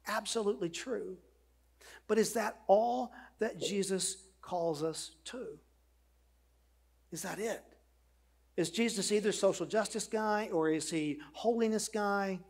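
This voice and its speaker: A middle-aged male pastor preaches in earnest, mixing rhetorical questions with relaxed storytelling asides. His voice sits fairly high for a man and has a husky edge. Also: takes it slowly. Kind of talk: sermon.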